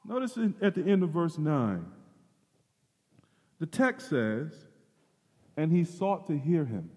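A man preaching a sermon as pastor, moving between loud emphasis and hushed, drawn-out phrases. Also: a little high, big pitch swings, big-room sound.

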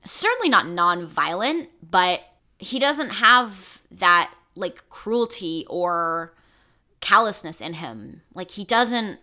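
A woman co-hosting a podcast in casual chat, talking fast and loosely with lots of fillers. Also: mid-range voice, lively intonation, bright, forceful tone. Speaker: podcast host.

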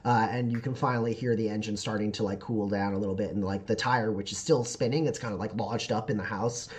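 Rambling game master, full of fillers. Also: male voice, lowish voice, steady tone, quick pace. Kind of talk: narrating a tabletop game.

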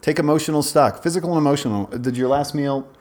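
Fast and a little mellow, this man's higher-pitched voice belongs to a forties-aged podcast co-host. In casual conversation he rambles through a long story, interrupting himself and restarting often.

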